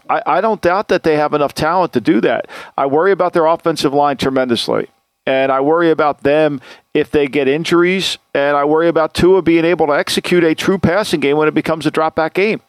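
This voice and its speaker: Man podcast host, blunt and opinionated, slightly high pitch, dry recording. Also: a little fast, no echo. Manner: blunt, opinionated, frequent restarts. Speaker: podcast host, football analyst. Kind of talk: casual sports talk.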